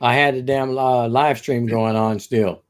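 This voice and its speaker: A man's voice: medium pitch, fairly even intonation, unhurried, clear, resonant tone. A man calling in to a live stream, talking bluntly and casually. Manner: blunt, casual, curses lightly.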